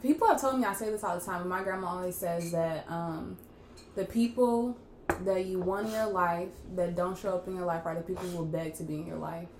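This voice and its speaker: A young woman co-hosting a podcast, chatting casually and acting out quoted lines with loud, laughing bursts. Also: on the low side, a little fast. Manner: animated storyteller, acts out quotes loudly with laughter. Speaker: podcast co-host. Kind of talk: casual chat. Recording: echoey room with faint background noise.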